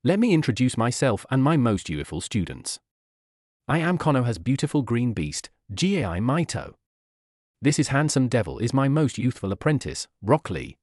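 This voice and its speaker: A man reading aloud as a loud, overexcited adult male martial arts teacher in a fan story. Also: mid-range voice, big pitch swings, moderate pace, no room sound, clean studio sound. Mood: boisterous. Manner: boisterous, grandiose.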